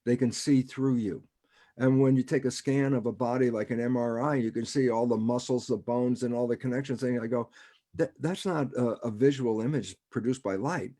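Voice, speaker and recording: A man's voice: medium pitch, moderate pace. Man explaining with rhetorical questions. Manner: rhetorical, keeps asking himself "why is that relevant?"; chuckles often, animated. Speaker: guest speaker. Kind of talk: conversational science explainer. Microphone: video call.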